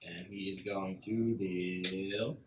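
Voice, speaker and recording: A man's voice: low voice, steady tone, slow pace, very noisy. A man narrating as game master in a casual, rambling way, full of "like"s, recorded in an echoey room from a distance. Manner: casual, filler-heavy narration with many "like"s.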